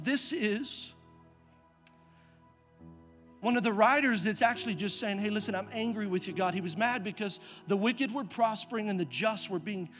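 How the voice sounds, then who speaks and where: A pastor with a high voice preaches a sermon, sharing a personal story and urging the congregation to respond. He shifts between hushed, quiet stretches and loud, emphatic passages.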